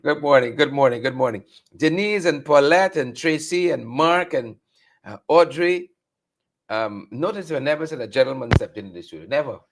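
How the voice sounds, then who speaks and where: A man's voice: medium pitch, expressive, moderate pace, slight background noise. A man hosting a live morning show from a studio, chatting, repeating phrases and greeting viewers by name.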